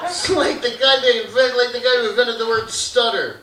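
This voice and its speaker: A man's voice: very high voice, normal speed, pushed and bright, recorded from a distance, a little hiss or hum. A man in his fifties, from Hamilton, doing a brash, rambling, crude stand-up routine. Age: 50s. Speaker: stand-up comedian. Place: theater stage, live audience. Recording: roomy live theater audio from afar.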